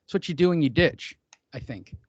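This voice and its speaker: A middle-aged man hosts a loose, joking podcast with a fairly high voice, telling rambling stories and teasing his co-hosts. The sound is dry and close but a little dull and muffled. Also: expressive, a little fast, husky, no room sound. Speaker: podcast host. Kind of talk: casual banter podcast.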